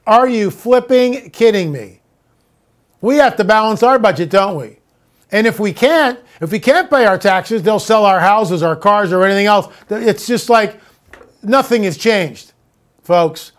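A man hosting his own show, talking straight to viewers in an animated way, moving between sarcastic ranting and storytelling. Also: sits high. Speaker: show host. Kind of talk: monologue to viewers.

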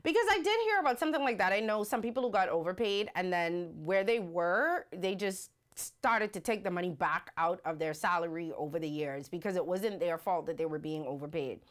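With a fairly low voice, a woman hosts a casual livestream, talking briskly with few pauses. She's animated and rhetorical, reading viewer comments aloud as she goes.

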